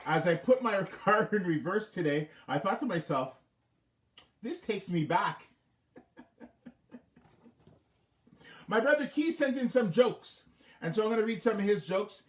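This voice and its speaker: A man's voice: fairly high pitch, lively intonation, normal speed, roomy sound. A man hosting a homemade late-night show from his basement, telling corny jokes and laughing at his own punchlines. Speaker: host of a home talk show. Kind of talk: jokey late-night monologue. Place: home basement.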